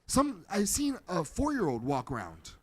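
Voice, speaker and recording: Animated high-voiced American man ranting. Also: normal speed, no echo. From United States. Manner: animated, mocking, loud bursts. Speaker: podcast co-host. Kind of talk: casual comedic banter.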